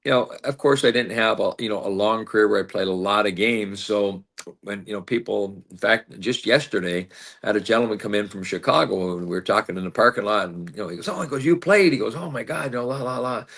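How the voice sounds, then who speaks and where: A man's voice: lowish voice, fairly quick, creaky, fairly bright tone. A man in his sixties, a former player and team broadcaster, telling stories in an interview with many fillers and acted-out quotes. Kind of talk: storytelling in an interview.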